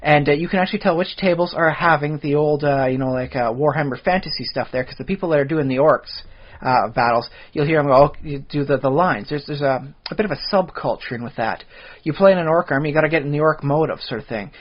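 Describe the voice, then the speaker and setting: Man, podcast co-host, rambling, fast, slightly high voice, dull lo-fi audio. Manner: rambling, many fillers and restarts. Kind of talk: casual chat.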